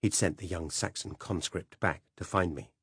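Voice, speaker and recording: A man narrating an audiobook in a measured, dramatic first-person telling. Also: sits low, fairly bright tone, husky, no echo, studio quality.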